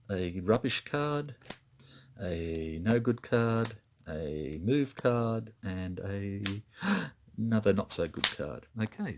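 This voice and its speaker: A man thinking aloud and counting as he plays through a tabletop wargame, muttering to himself as he moves pieces. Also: lowish voice. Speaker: board game player. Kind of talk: solo tabletop wargame playthrough commentary.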